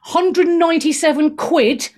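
A woman's voice: extremely high pitch, a little slow, a little mellow. A woman hosting a radio talk show, sarcastic and irreverent, swearing and laughing as she mocks the news. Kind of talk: irreverent opinionated radio chat.

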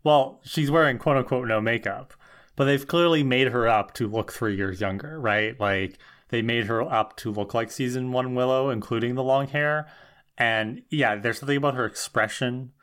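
A man talks through a TV episode with his co-host in relaxed, casual podcast conversation. He drops wry asides, and his voice sits at a middle pitch. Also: moderate pace, clean tone. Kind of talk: casual chat discussing a TV episode.

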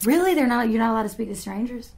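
A woman's voice: a little high, expressive, racing, darkish tone. An American woman chatting as a radio interview guest, jokey and laughing often. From United States. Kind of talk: casual chat interview.

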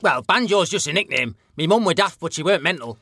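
Man doing a bright-voiced deadpan northern bloke, blunt, middle-aged, high-ish. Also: quick pace, dry recording, clean studio sound, heavily acted. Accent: Northern English. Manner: deadpan, blunt, plain-spoken. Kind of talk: mock documentary interview.

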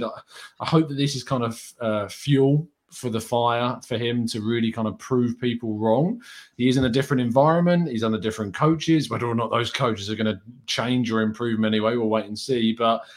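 A man as a guest pundit on a casual podcast, analytical and thinking out loud with frequent restarts. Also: mid-range voice, brisk.

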